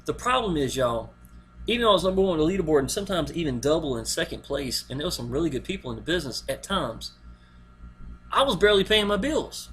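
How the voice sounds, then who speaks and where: A man's voice: on the high side, expressive, fast talker, fairly bright tone, slight background noise. A man, promoting a network marketing plan in a folksy, rambling way and talking straight to the viewer. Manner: folksy, rambling, keeps saying "y'all". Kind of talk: casual video pitch.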